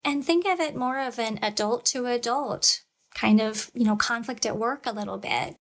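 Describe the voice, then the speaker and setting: A woman and parent giving a calm, measured lecture on parenting, acting out what a parent might say. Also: a little high. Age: adult parent. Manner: calm, measured, demonstrates parent scripts aloud.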